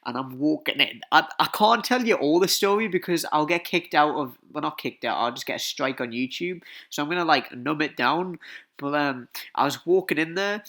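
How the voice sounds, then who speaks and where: Bright-voiced young storyteller. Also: male voice, a little high, moderate pace. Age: young adult. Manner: rambling, swearing a lot, filler-heavy. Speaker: vlogger. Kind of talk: casual storytelling.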